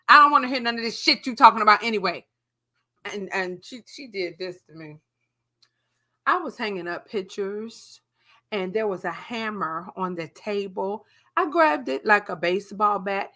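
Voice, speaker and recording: A young adult woman co-hosting a podcast, telling a story casually, swearing freely and acting out what people said. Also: medium pitch. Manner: animated, profane, acts out quotes. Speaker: podcast co-host.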